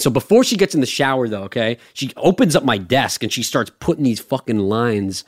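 A man's voice: medium pitch, animated, brisk, husky. A young man hosting a podcast, telling a rambling, profane story in casual chat. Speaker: podcast host.

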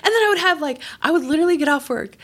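A woman comedian telling stories in casual chat, animated and laughing often. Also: high-pitched, rapid-fire.

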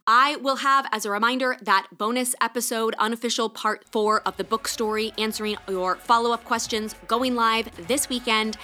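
A woman's voice: a little high, steady tone, moderate pace, few pauses, pushed and bright, soft background music. A middle-aged woman hosting a solo podcast, chatty and enthusiastic, getting emotional at times. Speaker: podcast host.

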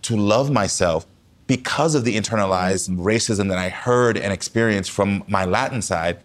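A man with a fairly low voice talks as a guest on a talk show. He speaks earnestly and emphatically about personal matters, with heartfelt conviction. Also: moderate pace. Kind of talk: candid personal conversation.

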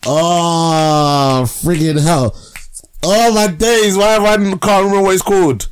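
A man's voice: a little high, measured pace, clear, resonant tone. Slangy young man. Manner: slangy, animated, laughs easily. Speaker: podcast co-host. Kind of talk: casual chat.

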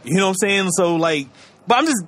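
A man's voice: sits high, lively intonation, fairly quick, a bit bright, a little hiss or hum. A man co-hosting a podcast, rambling in casual slangy chat and laughing often. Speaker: podcast co-host.

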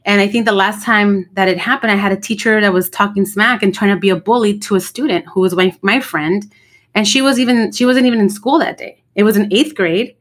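Animated, blunt woman telling stories. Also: mid-range voice, brisk. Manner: animated storyteller, blunt and profane. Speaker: podcast co-host. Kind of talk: casual chat.

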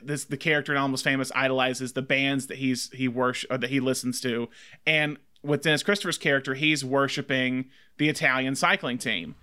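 A man's voice: medium pitch, steady tone, fairly quick, sharp tone, clean tone. A man co-hosting a casual film podcast, talking enthusiastically in long rambling stretches full of fillers. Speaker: podcast co-host.

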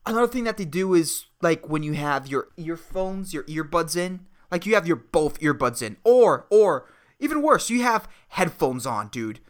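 A man's voice: a little high, big pitch swings, moderate pace. A man in his twenties hosting a podcast, ranting in a profane, exasperated way with lots of fillers. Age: 20s. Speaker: podcast host. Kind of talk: solo comedic rant.

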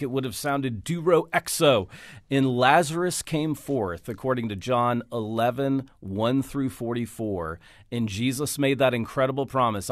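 A man's voice: mid-range voice, no echo, clean studio sound. A man speaking as a radio guest, praying and teaching about scripture with fervent emphasis. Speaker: guest, Bible scholar.

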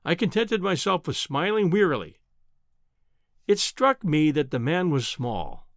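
A man narrating an adventure novel in the first person, measured and wry. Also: fairly high pitch, sing-song, no room sound, studio quality. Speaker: audiobook narrator.

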